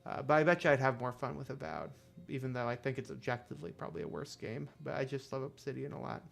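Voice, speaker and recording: Casting: young guy streamer, loose rambly chat, mid-pitched, lots of fillers. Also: expressive, quick pace, creaky, soft background music. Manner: rambling, filler-heavy, self-deprecating. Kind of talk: casual gameplay commentary.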